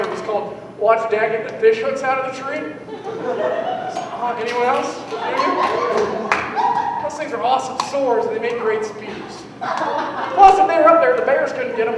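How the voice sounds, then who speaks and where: Young male stand-up, high voice, self-mocking crowd work, distant mic in a reverberant hall. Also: lively intonation, unhurried, long pauses, noisy background. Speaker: stand-up comedian. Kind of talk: stand-up set. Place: live comedy venue with an audience. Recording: echoey hall recorded from far off.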